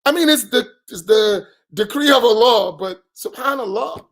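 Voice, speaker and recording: A man's voice: very high voice, animated, normal speed, gravelly, a bit bright. Emphatic preaching man, colloquial delivery. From United States. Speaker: imam. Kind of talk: post-dawn-prayer talk.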